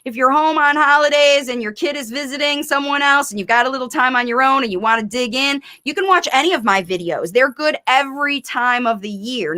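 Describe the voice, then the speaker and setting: A middle-aged woman, a speech-language pathologist, coaching parents in a live-streamed Q&A, talking fast and energetically with emphatic repetition. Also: sits high, sharp tone.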